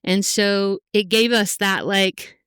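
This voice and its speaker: A middle-aged woman guest on a podcast, speaking heartfelt and halting, with many fillers, about her own life. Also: mid-range voice, fairly even intonation, a bit bright, clear, resonant tone, no room sound, studio quality. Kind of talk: emotional personal interview.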